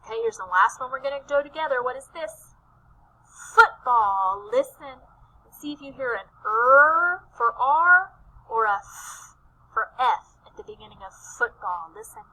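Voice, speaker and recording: High, bright-voiced woman teaching letter sounds. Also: lively intonation, poor audio. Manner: slow, sing-song, stretches out letter sounds; gentle and encouraging, asks and answers her own questions. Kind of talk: recorded phonics lesson for young children.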